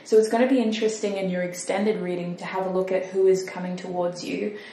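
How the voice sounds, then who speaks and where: A woman's voice: medium pitch, level tone, fast talker, warm tone, recorded from a distance. A woman giving a casual, chatty tarot reading, thinking aloud and poking fun at herself. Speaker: tarot reader. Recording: roomy echo, mic set back, faint noise.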